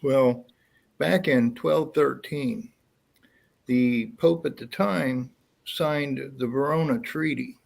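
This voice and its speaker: A man on a call speaking in a halting way, with many pauses and ums. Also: medium pitch, gravelly, a little mellow. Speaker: call-in guest. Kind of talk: casual call-in chat.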